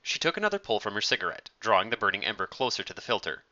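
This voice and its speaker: A male narrator reading a story with a lively, rising-and-falling delivery. His low-ish voice has a sharp, bright edge, heard through a muffled lo-fi recording. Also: rapid-fire. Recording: dull lo-fi recording.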